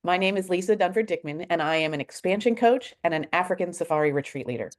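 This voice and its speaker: A woman coach speaks on a video call in a low voice, earnest and emphatic. Her delivery is heartfelt and deliberate. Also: animated. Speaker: guest, coach.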